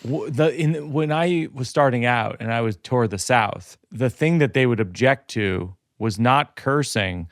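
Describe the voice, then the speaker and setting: A man's voice: mid-range voice, unhurried, hardly any pauses, dry recording. A man hosting a comedy podcast, talking casually and thoughtfully, searching for his words as he goes.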